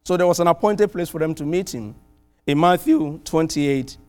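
A man from outside the US preaches in a fairly high voice with a foreign accent. He tells stories with animated swings in pitch and loudness, dropping low and quiet for scripture. He is middle-aged. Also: moderate pace, clear, resonant tone, soft background music. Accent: non-American. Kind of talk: sermon with personal story.

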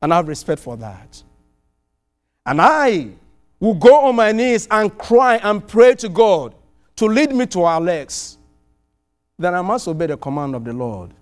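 A man from outside the US preaches in a fairly high voice with a foreign accent. He tells stories with animated swings in pitch and loudness, dropping low and quiet for scripture. He is middle-aged. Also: measured pace, long pauses, faint music behind. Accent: non-American. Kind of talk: sermon with personal story.

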